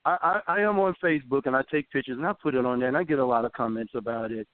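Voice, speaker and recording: A man's voice: mid-range voice, racing, no room sound. A man in his fifties, a guest on a phone interview, animatedly telling a story and acting out the voices of the people in it. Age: 50s. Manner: animated storyteller who acts out quoted voices. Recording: dry tinny phone line.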